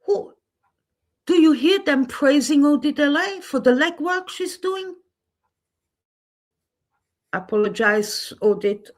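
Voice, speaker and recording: A woman's voice: high-pitched, animated, takes it slowly, long pauses. A woman hosting her own channel in a candid livestream monologue, speaking bluntly and getting heated and indignant about what she sees. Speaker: channel host.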